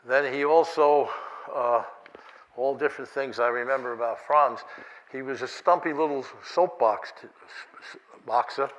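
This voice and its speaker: An older man delivers a rambling keynote lecture in a conference hall, chuckling through anecdotes, restarts and filler words. His mid-range voice is fairly bright and moderately paced, and the recording quality is low.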